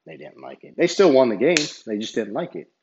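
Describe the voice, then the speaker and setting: A man's voice: medium pitch, very animated, a little fast, creaky, muffled recording, noisy background. A man who referees basketball, casually telling a story in a rambling way and retelling each exchange line by line. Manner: rambling, retells dialogue with many "I said".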